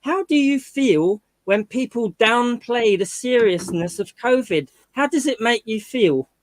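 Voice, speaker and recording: A man's voice: extremely high pitch, animated, a little slow, no room sound, rough recording. A man arguing on a live stream, smug and defensive, talking over others. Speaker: guest. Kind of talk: heated argument on a live stream.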